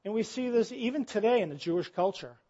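High-voiced man preaching a sermon. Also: animated, quick pace, warm tone, highs cut off. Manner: conversational preaching, rhetorical questions. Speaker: pastor.

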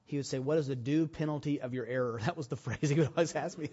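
A man preaching a sermon, telling a personal story and rising to loud, emphatic preaching. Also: medium pitch, quick pace, muffled recording. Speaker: pastor.

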